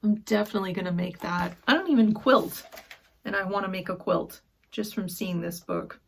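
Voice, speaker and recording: A woman vlogger chatting through a sewing haul, gushing softly and often dropping to a whisper over fabrics and books. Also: mid-range voice, normal speed, creaky, slight background noise. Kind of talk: casual haul chat.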